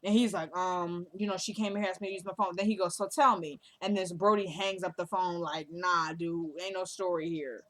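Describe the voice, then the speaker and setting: A woman recapping a TV drama episode in a casual chat, quickly quoting the characters' lines as she goes. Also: on the low side, steady tone. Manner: chatty, quotes characters in quick asides. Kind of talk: casual recap, acting out dialogue.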